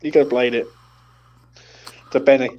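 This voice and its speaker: A man's voice: medium pitch, steady tone, moderate pace, darkish tone, lo-fi sound. A man hosting a casual post-match chat, blunt and sweary as he leads the player ratings. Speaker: host of a football fan channel.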